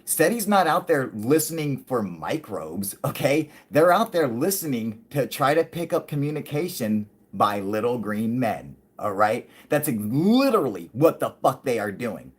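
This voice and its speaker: A man's voice: mid-range voice, big pitch swings, a little slow, few pauses, husky. A man hosting a livestream, ranting in a rambling, profane, heated way and often breaking into laughter. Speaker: livestream host. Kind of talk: casual ranting livestream talk.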